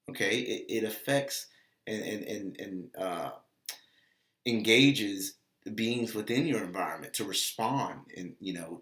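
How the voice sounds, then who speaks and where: A man speaks in a casual motivational monologue, his low voice rough with gravel. He talks earnestly, circles back over his points and acts out little bits of dialogue. The sound is roomy and echoey. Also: fairly bright tone. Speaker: motivational vlogger and dog trainer.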